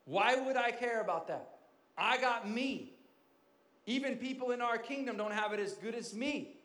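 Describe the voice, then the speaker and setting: A male pastor preaching a sermon, swinging from loud emphasis down to quiet, hushed asides. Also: extremely high pitch, moderate pace, reverberant.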